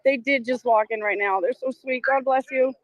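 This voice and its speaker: A woman's voice: sits high, normal speed, dull audio. A middle-aged woman with a Boston accent, hosting a casual livestream outdoors on a phone, chatty and emotional, laughing often and greeting viewers. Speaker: livestream host. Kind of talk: casual live commentary. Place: outdoors among a crowd. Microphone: phone on a selfie stick.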